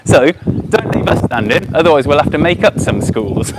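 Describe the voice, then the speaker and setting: A man's voice: on the high side, big pitch swings, quick pace. Upbeat Brummie man presenting outdoors. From Birmingham, England. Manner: chatty and upbeat, with frequent ums and uhs. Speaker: aquarium educator presenting a live stream. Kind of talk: outdoor educational live stream. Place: outdoors by a car park. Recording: noisy outdoor phone stream.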